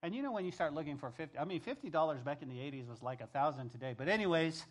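A man's voice: fairly high pitch, lively intonation, very fast. A middle-aged male pastor preaching a conversational sermon, repeating key phrases and telling stories from the pulpit.

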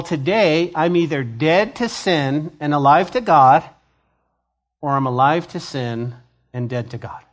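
A man preaching a conversational sermon as pastor of a church, acting out quoted voices with lively energy. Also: on the high side. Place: church sanctuary.

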